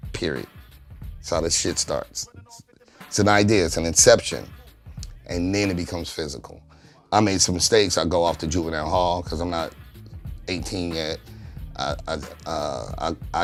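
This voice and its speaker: A man co-founder of a recording studio, telling its origin story in a casual, profane, laid-back interview, getting lively when he quotes friends. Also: low-pitched.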